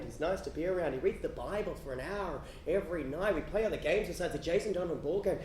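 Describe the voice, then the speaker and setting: An Australian comedian with a notably high, light voice rattles through a wild personal story at a brisk clip. He is animated and often breaks into laughing shouts. His voice echoes through a roomy live venue with faint ambience behind it. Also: a little hiss or hum. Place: live theatre stage.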